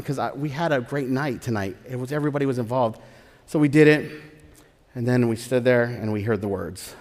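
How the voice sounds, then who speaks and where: A man telling his own story live on a theater stage, animated and excitable, often laughing as he talks. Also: mid-range voice, quick pace. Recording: reverberant live theater hall.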